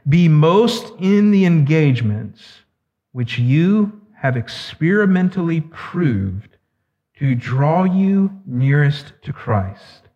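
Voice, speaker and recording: A man preaching a sermon as pastor, earnest and slowing down to stress key words. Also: on the high side. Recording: echoey hall, dull lo-fi sound.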